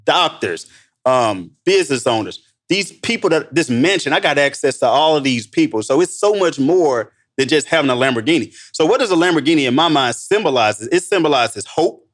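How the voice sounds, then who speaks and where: A man from Missouri, a podcast guest telling stories in a casual, animated way and calling the host bro. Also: a little high, normal speed. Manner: animated, says bro a lot. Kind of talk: casual storytelling.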